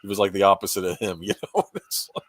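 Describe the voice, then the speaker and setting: A man's voice: deep voice, flat delivery, quick pace, no echo. A man hosting a casual watch-along commentary, chatty, laughing often and trailing off mid-sentence. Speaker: host.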